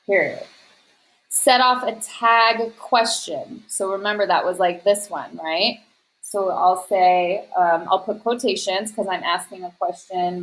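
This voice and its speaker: A woman's voice: fairly low pitch, a little slow, rough recording. A woman teacher walking students through a grammar worksheet, explaining patiently step by step and speaking directly to her class. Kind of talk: recorded class lesson.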